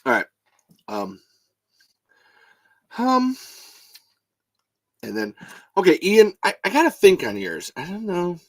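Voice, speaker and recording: A man chatting casually on a livestream, reading viewer comments and bursting into animated movie-line impressions. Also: high voice, slow pace, pauses often, rough recording. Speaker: show guest and regular.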